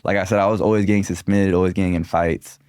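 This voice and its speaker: A young man from Minneapolis, a rapper guest on a podcast, talking in a relaxed, rambling way full of "like" and slang. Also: low voice, quick pace, clean tone, no echo, clean studio sound. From Minneapolis, USA. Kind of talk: casual podcast interview.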